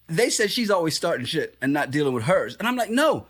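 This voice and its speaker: A man's voice: on the high side, sing-song, fairly quick, hardly any pauses. A man co-hosting a podcast, chatting casually about a reality show, laughing often and acting out quotes. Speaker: podcast co-host. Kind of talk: casual reality TV recap chat.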